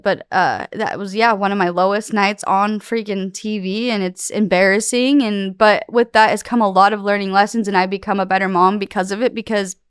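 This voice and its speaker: A woman's voice: medium pitch, smooth, no room sound, clean studio sound. A young woman talking candidly as a podcast guest, rambling and emotional, with plenty of fillers. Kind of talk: candid interview talk.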